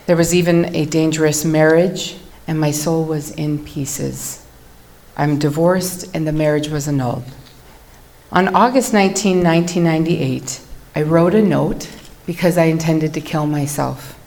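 A woman giving a personal testimony to an audience, earnest and reflective, telling her story in measured phrases. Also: low-pitched, fairly even intonation, darkish tone.

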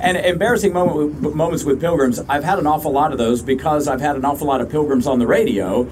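A man's voice: a little high, fast talker, a little mellow, a little hiss or hum. A man hosting a live radio show outdoors in front of an audience, chatty and upbeat, laughing along with his co-host. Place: outdoors on a river cruise ship deck.

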